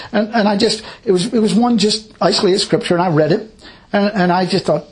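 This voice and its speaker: A man's voice: sits high, fairly quick. A man preaching a sermon, telling stories in a folksy, chuckling way. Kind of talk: sermon with personal storytelling.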